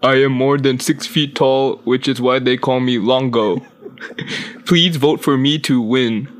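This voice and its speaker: A man voicing a tall, dim-witted homeless caveman, reading slowly and breaking into giggles between lines. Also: mid-range voice, fairly even intonation, lightly acted. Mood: goofy.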